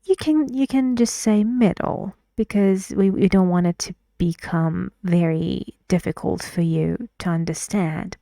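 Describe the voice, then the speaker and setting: A woman teaching English pronunciation in a slow, patient way, often dropping to a breathy half-whisper. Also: on the low side, mellow, no room sound, clean studio sound. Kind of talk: pronunciation lesson.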